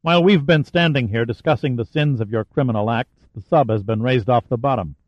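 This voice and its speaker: Voicing a hardened soldier-hero, a man delivers defiant lines in a steady, sardonic, dry manner. The performance is light, the voice mid-range and fairly quick, and the recording is dry, a bit dull and echo-free.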